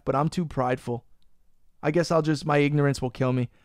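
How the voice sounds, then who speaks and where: Podcast host, New man, higher voice, smooth and clear, foul-mouthed ranter. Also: measured pace, pauses often, a little mellow, no room sound, studio quality. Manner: profane, ranting, teasing his co-host. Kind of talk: casual podcast banter.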